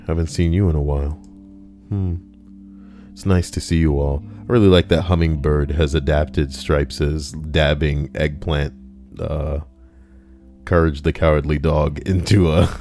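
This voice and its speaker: A man's voice: steady tone, a little slow, warm tone, soft background music. A man reading stories aloud on a live stream, joking and chatting with his viewers between entries, often slipping into silly voices. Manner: jokey, breaks into squeaky silly voices.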